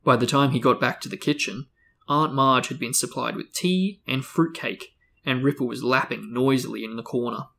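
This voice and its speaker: A man hosting a book discussion, reading a novel aloud with steady, even storytelling. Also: medium pitch, normal speed, vocal fry.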